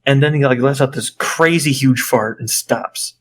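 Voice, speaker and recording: A young man co-hosting a podcast, telling a story in a casual, animated way and swearing freely. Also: medium pitch, moderate pace, a little hiss or hum. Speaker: podcast co-host. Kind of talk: casual chat.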